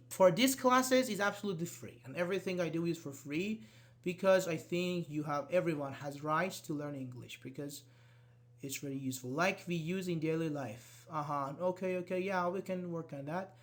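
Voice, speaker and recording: Higher-voiced man teaching English online. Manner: non-native English speaker, loose grammar, repeats words; casual, talks directly to students. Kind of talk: live online class, answering chat questions.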